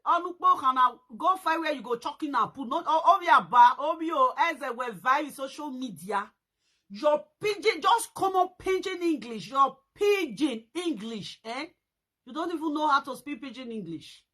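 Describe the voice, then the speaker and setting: A woman with a Nigerian accent hosting a casual live stream, loudly mocking and laughing between exclamations. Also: high voice, animated, moderate pace.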